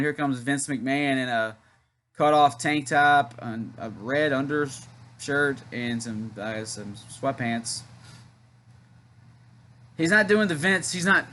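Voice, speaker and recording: Bright, excitable man calling wrestling. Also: on the high side. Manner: loud counting and shouting during big moments, chatty asides. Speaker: host of a wrestling watchalong. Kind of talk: excited live play-by-play commentary.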